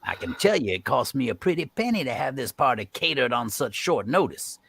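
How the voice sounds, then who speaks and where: A blustering rich old judge bellows and drawls in folksy country talk, read aloud by a man. His voice is gravelly and husky, swinging widely in pitch. The recording is dry and close. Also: big pitch swings, fairly quick, fairly bright tone, no room sound, heavily acted. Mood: boastful. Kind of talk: live script reading.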